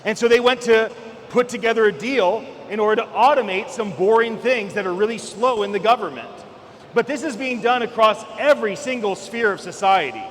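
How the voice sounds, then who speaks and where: A man in his forties from California giving an energetic keynote speech at a conference, emphatic and at times shouting for emphasis. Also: high voice, a little hiss or hum. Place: large event hall. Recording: echoey hall with faint ambience.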